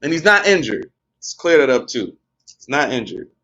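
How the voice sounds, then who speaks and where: A man's voice: mid-range voice, very animated, normal speed, a bit bright, highs cut off. A man on a wrestling podcast, ranting in casual chat, blunt and profane and exasperated.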